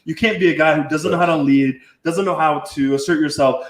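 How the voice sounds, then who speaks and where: A man tells crude stories with blunt, profane energy, acting out what others said. His voice sits a little high for a man. The room around him rings with echo. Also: fairly even intonation, fairly quick. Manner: swearing, blunt, acts out quotes. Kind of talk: crude casual storytelling.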